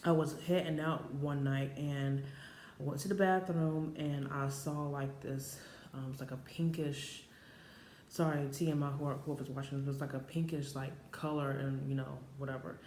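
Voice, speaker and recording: A woman's voice: extremely low pitch, little pitch movement, normal speed, darkish tone. A woman in her late twenties telling a personal story to camera in a chatty, rambling way, full of filler words. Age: 20s. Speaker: vlogger. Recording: roomy echo with faint background noise.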